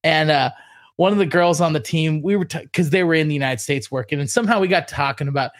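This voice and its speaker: A man's voice: fairly high pitch, fast, dry recording, studio quality. A young man with a Southern Californian accent co-hosting a podcast in rambling casual chat. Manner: laid-back, rambling, with fillers and laughs. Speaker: podcast co-host.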